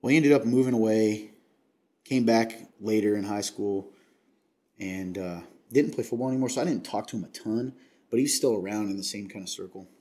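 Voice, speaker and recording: A man's voice: on the low side, a little fast, mellow. A man from Kentucky hosting a casual chat, earnest and confiding, rambling with many restarts.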